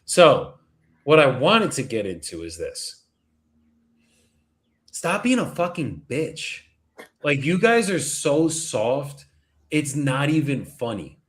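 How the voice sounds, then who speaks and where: A man hosts a casual motivational talk. His voice sits a little high and swings widely in pitch. He is blunt and animated, and he swears constantly. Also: slow, long pauses. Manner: blunt, heavily profane, animated.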